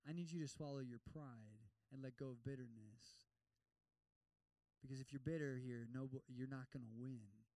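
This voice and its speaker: A preacher putting on the Holy Spirit, soft and gentle. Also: male voice, normal speed, vocal fry, dry recording, close to an everyday voice. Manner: soft, low, hushed urging.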